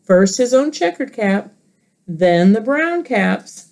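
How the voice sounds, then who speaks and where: A woman teacher reading a picture book aloud to children, expressive and asking listeners questions. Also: mid-range voice, slow.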